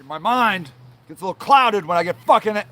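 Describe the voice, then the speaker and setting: Male host, high pitched, angry, foul-mouthed livestream rant, apologetic in between. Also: lively intonation, a little fast, sharp tone. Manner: angry, profane, swears constantly; apologizes then rants on, trailing filler sounds. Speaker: show host.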